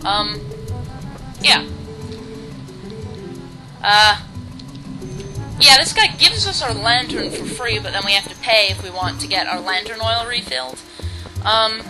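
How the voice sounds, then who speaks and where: A woman's voice: a little high, low-quality recording. A woman giving casual, rambling commentary on a game she is playing, with game music under her voice. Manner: rambling, hesitant, full of restarts and "like". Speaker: let's play host.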